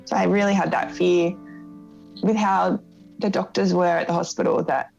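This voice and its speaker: A woman in her thirties telling a painful personal story in an interview, in a soft, reflective way that often halts and starts again. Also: fairly low pitch, steady tone, gravelly, lo-fi sound, faint music behind. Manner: soft, reflective, halting with restarts. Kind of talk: emotional personal testimony.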